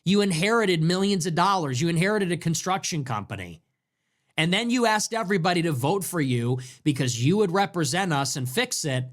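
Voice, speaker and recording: A man's voice: fairly high pitch, expressive, fairly quick. A man hosting a political commentary show, ranting sarcastically and mockingly and throwing around crude insults.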